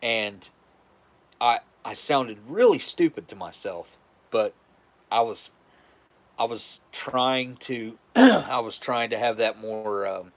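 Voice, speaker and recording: A man's voice: mid-range voice, animated, slow pace. A man from West Virginia with a West Virginian accent, chatting casually and rambling with restarts on a live stream. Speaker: livestream host.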